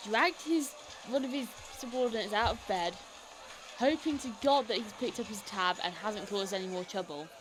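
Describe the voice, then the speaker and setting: A British woman running a tabletop game as dungeon master, narrating with lively storytelling. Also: mid-range voice, moderate pace, background noise.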